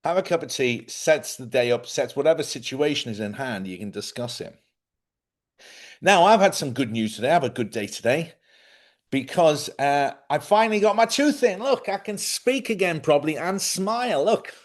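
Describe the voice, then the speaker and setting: A man's voice: a little high, lively intonation, normal speed. A middle-aged man, hosting a casual livestream monologue, a chatty storyteller who laughs often and acts out other people's voices. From Ireland. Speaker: livestream host.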